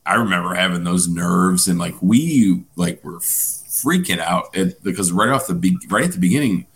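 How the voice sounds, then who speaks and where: A man's voice: sits low, expressive, normal speed, creaky, a bit bright. A man co-hosting a podcast, telling a rambling story full of fillers and swearing in casual chat. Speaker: podcast co-host.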